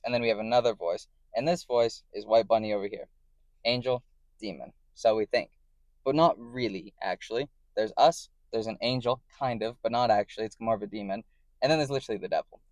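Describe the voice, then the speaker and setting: A man talks straight to camera in a loose vlog monologue. His voice sits in a middle pitch, recorded dry and close. He rambles, restarts his phrasing and keeps checking that the listener is following. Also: darkish tone, no echo. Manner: rambling and self-correcting, often checking in with "right?". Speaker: vlogger. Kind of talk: casual explanatory monologue.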